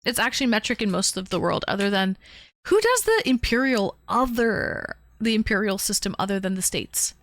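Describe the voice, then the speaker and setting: A young woman from the Toronto area, Canada, live-streams and chats casually, thanking viewers by name and using plenty of fillers. Her medium-pitched, slightly bright voice is very animated at a moderate pace, in clean studio sound with no echo.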